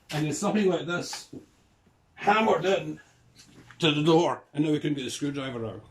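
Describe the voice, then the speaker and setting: A little hiss or hum sits under this Scottish man's mid-range voice, which moves a bit fast. He's giving an easygoing walkaround of his garage's classic car projects, telling meandering anecdotes full of asides.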